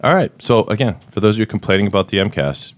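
A middle-aged man from Massachusetts hosting a casual podcast chat, joking and playful with quick bursts of excitement. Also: fairly low pitch. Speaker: podcast host.

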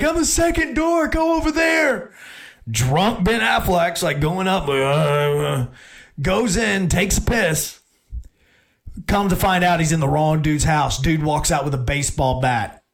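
A man's voice: on the high side, measured pace, gravelly, a bit bright. An adult man hosting a sports talk show, telling a rambling story in a casual monologue with many restarts.

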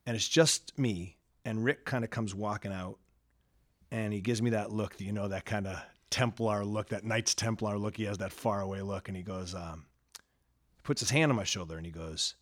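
A man's voice: fairly low pitch, moderate pace. A man hosting an interview, telling a personal story and acting out the lines he quotes before asking his question. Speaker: host.

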